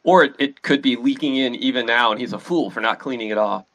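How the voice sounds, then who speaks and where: A man runs a tabletop game as its game master. He talks at an ordinary middle pitch and explains rolls and scenes in a loose, hesitant flow full of fillers. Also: fast, poor audio. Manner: relaxed, hesitant with many fillers.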